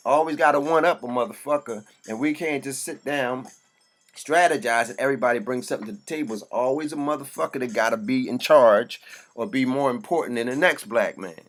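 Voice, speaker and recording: A man with a mid-pitched voice pours out a passionate monologue. He is blunt and swears freely. His delivery comes in forceful, preaching bursts. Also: brisk. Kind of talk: impassioned monologue.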